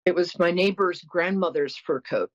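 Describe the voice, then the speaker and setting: A woman's voice: lowish voice, normal speed, muffled recording. A middle-aged woman hosting a psychic call-in show, chatting, apologizing and telling stories in a frank, blunt way. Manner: warm-hearted, apologetic, storytelling, blunt. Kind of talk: chatty call-in talk with anecdotes.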